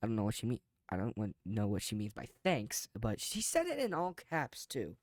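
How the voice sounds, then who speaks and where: A man's voice: lowish voice, huge pitch swings, moderate pace, no echo. Chatty man reading posts aloud, dry sound. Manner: reads aloud then comments off the cuff, chuckling. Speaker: video host reading online posts. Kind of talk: casual reaction video.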